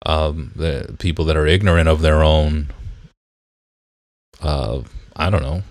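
Very deep, slow-talking man. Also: dry recording. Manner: slow, searching, agreeable. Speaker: podcast co-host. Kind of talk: casual chat.

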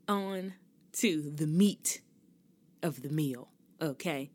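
A woman's voice: low voice, expressive, unhurried, a little mellow. A young adult woman hosting her own podcast, talking casually and expressively, ranting and cursing freely. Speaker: podcast host. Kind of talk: casual solo talk.

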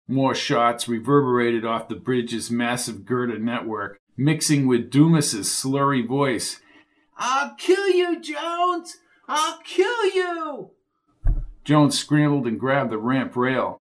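A man reads a crime thriller aloud, keeping the action moving at a steady pace. His voice sits in a middle register, and his storytelling is plain and driving. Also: medium pitch. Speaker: audiobook narrator. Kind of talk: scripted thriller narration.

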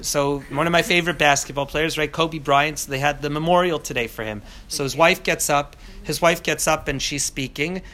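A man teaching a class on scripture, talking in an animated way with many restarts and asides. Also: on the high side.

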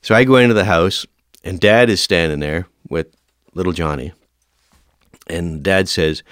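A middle-aged man, a firefighter, telling lively stories in an interview and acting out the dialogue. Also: deep voice, moderate pace, pauses often, no echo, clean studio sound. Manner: animated storyteller, acts out quoted dialogue. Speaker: firefighter guest. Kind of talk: storytelling in an interview.

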